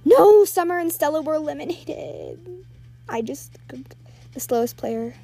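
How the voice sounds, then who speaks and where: A woman's voice: high-pitched, animated, measured pace, creaky, dark tone, soft background music. A woman giving live, rambling commentary while playing an online game, nervously narrating every move aloud.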